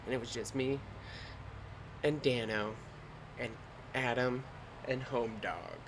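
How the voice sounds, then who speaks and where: A young man hosting a podcast, telling a story in a lively, slangy and profane way. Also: mid-range voice, slow pace, noisy background. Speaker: podcast host. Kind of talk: casual storytelling.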